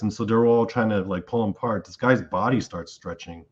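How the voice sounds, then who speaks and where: A man's voice: lowish voice, fairly quick, breathy edge, highs cut off. A man being interviewed, telling a long dream story in casual talk and acting out what he said in it. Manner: animated retelling of a dream, acting out his own lines. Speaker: interview guest.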